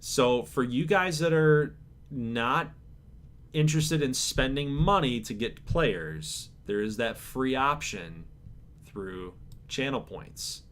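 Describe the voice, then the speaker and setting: A man hosting his channel, reading out viewer survey answers in a laid-back, chill way, calling his own voice monotone and chuckling now and then. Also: medium pitch, takes it slowly. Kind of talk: casual chat to camera.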